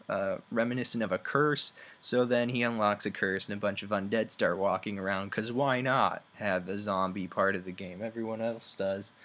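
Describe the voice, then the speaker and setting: A young man giving a rambling, sarcastic comedic game review, acting out characters in quick voices. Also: on the low side, a bit bright.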